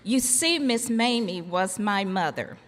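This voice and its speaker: A middle-aged woman delivers a ceremony speech at a podium, unhurried and deliberate, leaving pauses for the audience to laugh. Her voice sits at an ordinary pitch for a woman. It rings out with the long reverb of a large hall. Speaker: commencement speaker, former college faculty member. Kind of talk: formal ceremony speech with humorous storytelling.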